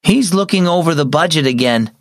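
An impatient young boy, as a male narrator puts him on, talking earnestly and a little pleadingly. His voice rises higher than the storyteller's own and swings with feeling. The recording is close and dry. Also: lively intonation, a little fast, no room sound.

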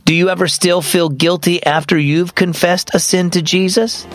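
A man hosting a children's devotional program, narrating a scripted story in an upbeat, expressive way. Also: sits high, normal speed, no room sound, studio quality, faint music behind.

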